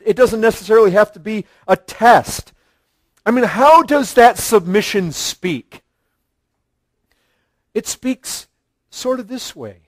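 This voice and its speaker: Male preacher, high voice, dry close sound; earnest, emphatic sermon delivery with repetition. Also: dry recording. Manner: earnest preaching with rising emphasis and repeated phrases. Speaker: pastor.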